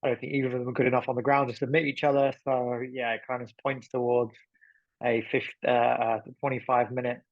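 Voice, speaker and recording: A man's voice: mid-range voice, level tone, fast, no room sound. A man co-hosting a podcast in casual chat, chatty and thinking aloud with plenty of fillers. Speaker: podcast co-host. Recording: dull lo-fi sound.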